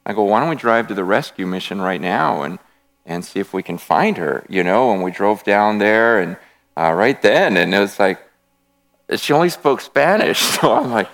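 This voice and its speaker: Gravelly-voiced man giving an earnest testimony. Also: lowish voice, expressive, normal speed, a bit bright. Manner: earnest, emphatic storytelling with self-deprecating humor. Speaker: speaker at a faith gathering. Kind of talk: passionate personal testimony. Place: room with a live audience.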